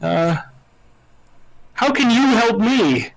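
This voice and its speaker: A man's voice: high voice, animated, takes it slowly, gravelly, a crowd in the background, pitched above the performer's own voice, heavily acted, low-quality recording. A man voicing a boastful, flirty comic wizard, improvising in slangy talk. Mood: swaggering.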